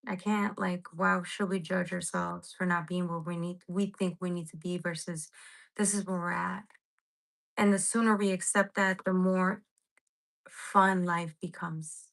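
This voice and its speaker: A woman's voice: lowish voice, fairly even intonation, a little slow, gravelly, rough recording. A woman reading tarot cards live for her viewers, rambling and emotional, near tears, swearing casually as she talks to them directly. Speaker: tarot reader.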